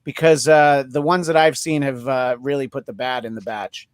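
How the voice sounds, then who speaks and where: A man hosting a podcast in casual chat, rambling and joking with many filler pauses. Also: mid-range voice, steady tone, clean tone, no room sound, studio quality. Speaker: podcast host.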